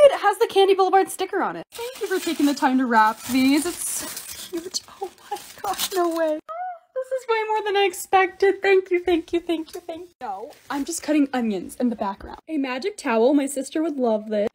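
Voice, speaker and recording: A gushing woman narrates her casual vlog in a high, lively voice that swings up and down. There is a faint hiss of noise under her voice. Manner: excitable, gushing. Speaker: lifestyle creator.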